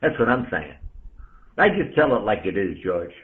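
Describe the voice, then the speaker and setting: A blunt, ranting man from the Bronx holds forth on an amateur radio channel, his voice swinging up and down with lively emphasis. He keeps calling out other listeners by name. The sound comes through a narrow, tinny radio transmission. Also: on the low side, normal speed. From the Bronx, New York. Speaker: ham radio operator. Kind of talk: on-air ranting chat.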